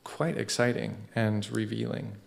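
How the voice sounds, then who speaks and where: A man giving an inspirational talk at a spiritual center, conversational and animated, often laughing. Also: on the low side, a little slow, vocal fry.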